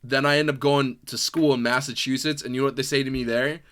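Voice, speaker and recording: A man from New York with a slight New York accent, co-hosting a casual podcast chat. He talks quickly, jokes and laughs often. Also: medium pitch, steady tone, fairly bright tone. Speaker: podcast co-host.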